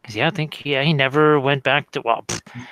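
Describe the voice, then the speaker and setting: A man's voice: mid-range voice, fairly even intonation, moderate pace, fairly bright tone. A man chatting casually in a hobby hangout, musing and trailing off. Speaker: hangout participant. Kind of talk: casual chat.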